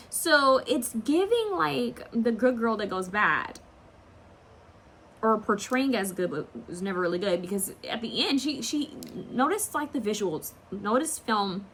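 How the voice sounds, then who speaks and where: A woman's voice: a little high, fairly bright tone, a little hiss or hum. A woman giving a casual pick-a-card tarot reading, chatty and rambling with slangy asides.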